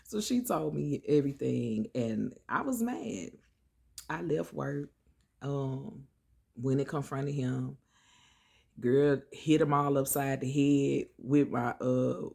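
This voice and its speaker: A middle-aged woman, casually telling a personal story to her viewers, chatty and animated, calling them y'all and child. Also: extremely low pitch, slow, gravelly, husky. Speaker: vlogger.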